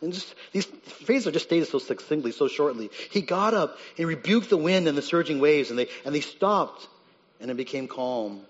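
A man preaching a sermon, who swings between soft, low reflection and loud, high-pitched dramatic retellings. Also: lively intonation, moderate pace. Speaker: pastor. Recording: dull sound with long reverb in a large hall.

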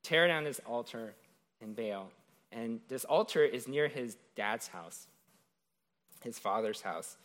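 A man's voice: medium pitch, expressive, slow, long pauses, a bit bright. A man preaching a sermon in a conversational way, retelling a scripture story and often checking in with "right?".

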